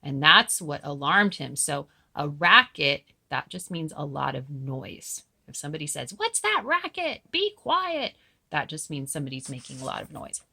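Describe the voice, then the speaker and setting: A woman teacher reading a storybook aloud to children, stopping to explain words in a gentle, encouraging way. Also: deep voice, fairly even intonation, normal speed, gravelly, few pauses, slightly rough.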